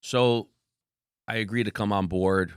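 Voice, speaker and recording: A man, a company founder, telling laid-back, animated stories as a podcast guest. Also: lowish voice, measured pace, smooth, dry recording, studio quality. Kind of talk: casual interview storytelling.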